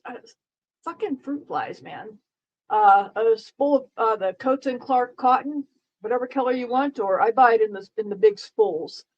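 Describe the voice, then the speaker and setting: A woman's voice: on the high side, dull audio. Sarcastic woman rambling on a livestream. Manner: dry, sarcastic, rambling with restarts. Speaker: streamer. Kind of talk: casual live-stream chat.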